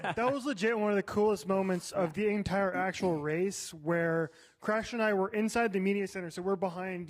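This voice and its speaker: A man co-hosting a casual chat, talking enthusiastically with plenty of slang. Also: high-pitched. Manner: enthusiastic, uses "legit" often. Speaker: co-host.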